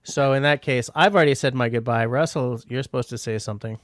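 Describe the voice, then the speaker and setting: A man's voice: medium pitch, fast talker, fairly bright tone. A man from Canada hosting a casual late-night livestream chat, rambling and poking fun at himself. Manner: rambling, self-deprecating, jokey. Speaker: livestream host.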